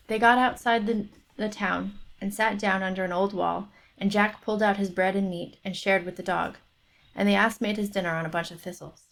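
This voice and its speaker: A woman's voice: medium pitch, steady tone, a little fast, creaky, fairly bright tone. A woman reading a folk tale aloud for her book club stream, stopping for chatty asides. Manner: chatty, thinks aloud between passages.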